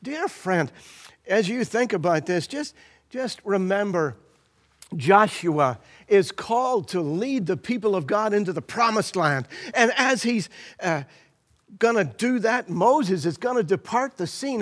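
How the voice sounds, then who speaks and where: Impassioned preacher with a high voice. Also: male voice. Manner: impassioned, swings from loud to hushed. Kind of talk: sermon. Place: church.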